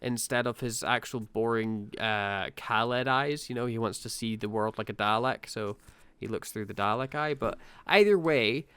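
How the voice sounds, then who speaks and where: Picture a man with a smooth, resonant voice recorded close and dry, talking through a review in easy podcast chat. He is relaxed and unpolished, swearing freely and leaning on fillers as he thinks aloud. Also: mid-range voice, moderate pace, no echo. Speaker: podcast co-host.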